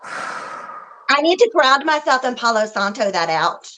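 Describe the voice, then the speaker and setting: A woman's voice: high voice, big pitch swings, measured pace, sharp tone, low-quality recording. A woman co-hosting a psychic reading livestream, talking emotionally and directly to the chat viewers. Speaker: psychic reader and co-host.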